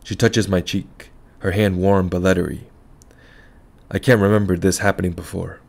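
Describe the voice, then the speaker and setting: Deep-voiced man reading fiction calmly. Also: creaky. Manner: calm, measured and reflective. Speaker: audiobook narrator. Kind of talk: first-person literary narration.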